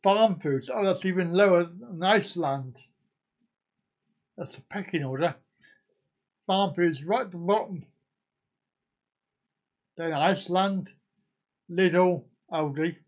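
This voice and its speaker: A man from the UK, hosting a casual live stream and joking while reacting to viewer comments. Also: on the high side.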